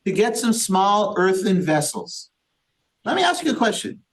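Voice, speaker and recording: A man's voice: sits high, sing-song, moderate pace. A man, a rabbi, leading an interactive Torah study class, quizzing the group with questions and using Yiddish and Hebrew terms. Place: synagogue study session with a small group.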